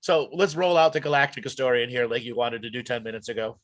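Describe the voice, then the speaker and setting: Bright-voiced man co-hosting. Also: medium pitch, steady tone. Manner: brief agreeing interjections, quick quips. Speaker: comedy show co-host. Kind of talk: casual comedic chat.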